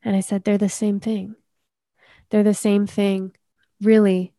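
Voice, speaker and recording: A woman coach speaking as a podcast guest, earnest and measured as she talks about inner healing. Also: mid-range voice, little pitch movement, mellow, no echo, clean studio sound. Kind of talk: reflective conversational interview.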